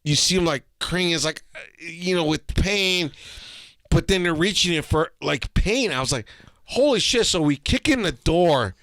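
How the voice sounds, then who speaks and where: A man co-hosting a podcast, telling a story in casual chat, animated and profane, jumping into voices as he acts it out. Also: normal speed, no echo. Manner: animated, swearing, acts out voices with big pitch jumps. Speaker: podcast co-host.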